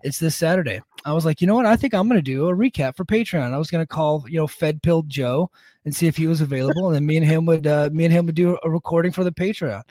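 A man's voice: fairly high pitch, quick pace, mellow, no echo. Rambling, joking male podcast co-host. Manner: rambling, joking, laughs often. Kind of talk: casual chat.

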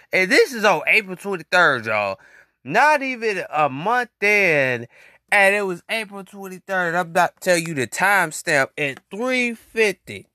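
A man's voice: sits high, big pitch swings, a little slow, bright, forceful tone, dry recording, studio quality. A man hosting a podcast, telling a story to his listeners in a rambling, slang-filled casual monologue. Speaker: podcast host.

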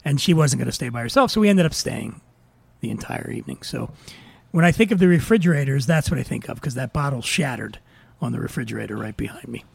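A man hosting a podcast, telling an animated story in casual chat with a lot of swearing. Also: mid-range voice, fast talker, vocal fry, slightly rough. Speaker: podcast host.

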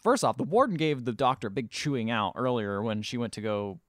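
A man's voice: medium pitch, big pitch swings, brisk, dry recording, clean studio sound. A man hosting a podcast, casually retelling a film scene by scene with loose, swearing chatter. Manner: rambling, casual swearing, acts out quotes loosely. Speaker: podcast host. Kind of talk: casual film recap chat.

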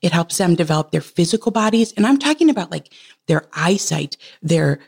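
A woman in her thirties, a podcast guest, telling a heartfelt personal story in casual conversation. She laughs often and leaps up in pitch when she quotes herself. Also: animated, a little fast, creaky, a little mellow, slightly rough. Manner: earnest and heartfelt.

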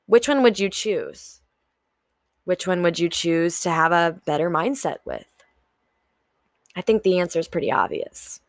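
Young woman, solo podcast host, unhurried and candid, swears casually, dry close mic. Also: lowish voice, dry recording. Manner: candid, swears freely, acts out her own inner voice. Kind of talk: solo motivational podcast talk.

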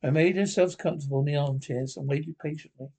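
Gravelly man reading a storybook aloud. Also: on the high side, fast talker, warm tone. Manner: stumbling, self-correcting reading. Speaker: narrator.

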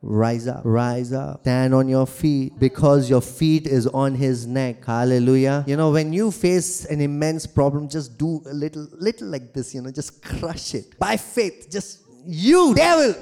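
A man's voice: mid-range voice, unhurried, hardly any pauses, dark tone. A male pastor preaching a sermon, driving points home with repeated declarations and light jokes. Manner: emphatic, repeats declarations in rising waves; jokes and laughs with the congregation.

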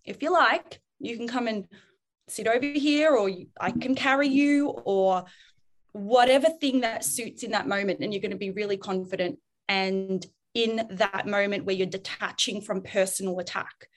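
A woman's voice: mid-range voice, moderate pace. A woman, a parenting expert talking casually about raising children and acting out scenes. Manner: animated, acts out children and parents in quotes. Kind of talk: casual podcast chat.

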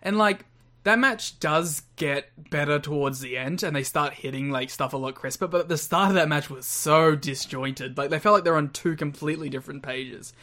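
A man's voice: on the high side, moderate pace, pushed and bright. A man co-hosting a casual wrestling review chat, giggly and blunt, swearing casually. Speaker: podcast co-host.

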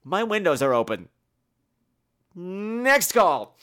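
Man podcast host, mock-indignant teasing banter, lively voice that jumps around. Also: sits high, takes it slowly. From New York. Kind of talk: comedic call-in banter.

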